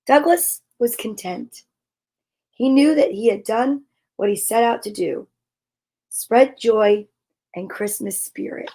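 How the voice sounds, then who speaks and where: Expressive woman reading a storybook aloud. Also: on the high side, slow, pauses often, breathy edge. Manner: expressive, dropping to hushed near-whispers. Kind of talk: reading a picture book aloud.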